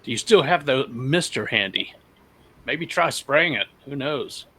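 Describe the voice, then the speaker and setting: A man's voice: mid-range voice, animated, unhurried, pushed and bright, husky, low-quality recording. A man playing a tabletop game, talking in a casual, offhand way. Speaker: player.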